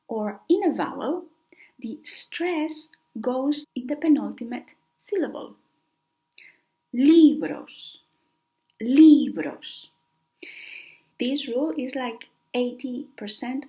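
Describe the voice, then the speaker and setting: Slow-speaking woman language teacher. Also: on the high side, dark tone, low-quality recording. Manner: careful, repeats example words slowly. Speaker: Spanish teacher. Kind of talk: beginner language lesson.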